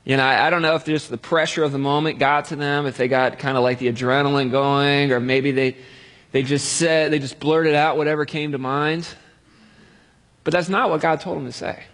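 A man's voice: fairly high pitch, fairly even intonation, normal speed, a bit bright, in a large hall. A man preaching a sermon in a conversational way, with jokey everyday analogies.

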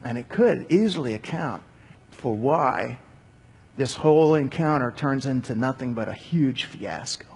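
A man's voice: medium pitch, lively intonation, a little slow, darkish tone, breathy edge. A man giving a casual Bible commentary with conversational asides. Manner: conversational with asides and acted quotes. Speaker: Bible teacher. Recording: long hall reverb.

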